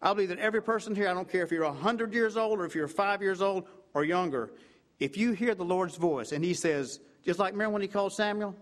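A man preaching a fervent sermon in a fairly high voice. He leans on repeated asides and builds to loud, emphatic peaks, then drops to low, hushed passages. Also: fast talker. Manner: fervent, repetitive preaching with "I tell you what" asides.

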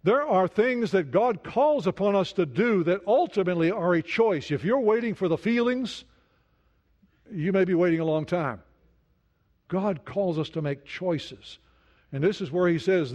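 A man preaching a sermon in an earnest way, dropping to a soft hush when he speaks prayers. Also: a little high, expressive, normal speed. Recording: dull lo-fi sound.

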